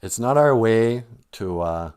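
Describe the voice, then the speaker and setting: A man's voice: fairly low pitch, animated, slow, darkish tone, clear, resonant tone. A man hosting a livestream, giving humorous casual advice and laughing between lines. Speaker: livestream host and language teacher.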